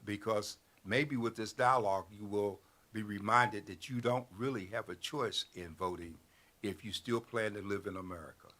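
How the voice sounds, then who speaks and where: A man, a newspaper editor, explaining a political process in a measured way on a talk show. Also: lowish voice, a bit bright.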